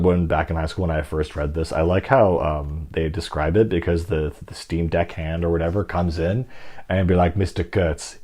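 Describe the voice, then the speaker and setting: A man's voice: rumbling low, dark tone. A man casually discussing a classic novel in a rambling, reflective way, with many fillers and restarts. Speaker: book discussion host.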